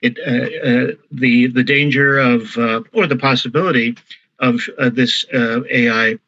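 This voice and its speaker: A man's voice: medium pitch, unhurried, sharp tone. A male podcast co-host asking an interview question, searching for his words and stopping to restart. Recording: dull, lo-fi sound.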